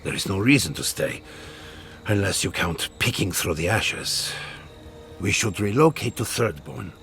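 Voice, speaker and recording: A wry skeptical game adviser. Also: male voice, fairly low pitch, lively intonation, a little slow, vocal fry, fairly bright tone, faint music behind, heavily acted. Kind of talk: video game voice acting.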